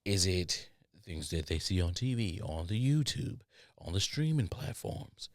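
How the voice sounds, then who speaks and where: A man's voice: sits low, very animated, unhurried, no room sound, studio quality. A man hosting a podcast, ranting in an exasperated, sarcastic monologue. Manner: exasperated, sarcastic, does mocking voices of others. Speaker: podcast host.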